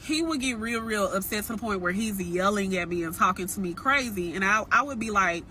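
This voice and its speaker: Young woman telling a dating story, chatty and frank, sharp bright voice, bit of background hiss. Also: mid-range voice, expressive, brisk, few pauses. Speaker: storytime vlogger. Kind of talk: casual storytelling to camera.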